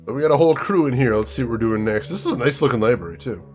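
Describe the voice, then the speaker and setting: A man's voice: mid-range voice, expressive, rapid-fire, darkish tone, faint music behind. A man casually commenting on a game he is playing, chatty with fillers. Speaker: gameplay streamer. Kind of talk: casual let's play commentary.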